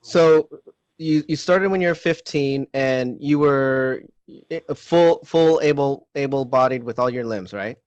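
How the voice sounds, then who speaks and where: A man hosts a casual online interview at a mid pitch. He speaks in a friendly way but often stops and restarts his sentences. The sound is dry and close, with no room echo. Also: a little slow, a little mellow, highs cut off. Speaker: interview host.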